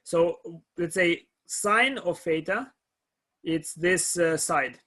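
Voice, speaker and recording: Guy teaching a calc class, kinda high voice, stops and restarts a lot, keeps asking the students if they're following. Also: sharp tone. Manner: halting, repeats words, checks in with students. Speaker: math lecturer. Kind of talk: live classroom lecture.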